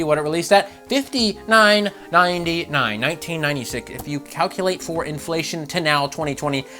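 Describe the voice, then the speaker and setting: A man hosting a gaming channel, ranting about game news with swearing and laughter, jumping from loud outbursts to low mutters. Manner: animated, profane, laughing, swings between loud outbursts and mutters.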